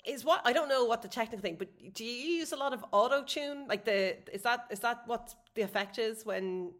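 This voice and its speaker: A woman from Ireland co-hosting a podcast, teasing and quick to react in casual chat. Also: on the high side, fairly bright tone. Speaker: podcast co-host.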